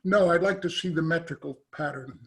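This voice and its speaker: A man, a professor, asking a long question after an academic talk, halting often with "uh" and restarting his sentences. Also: a little high, fairly bright tone. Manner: hesitant, halting, many "uh" and restarts.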